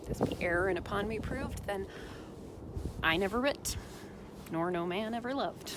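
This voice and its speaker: A woman voicing a Minnesotan woman earnestly reciting a sonnet with a Minnesotan accent, slow and dramatic, sometimes whispering, over loud background noise. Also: medium pitch, lightly acted.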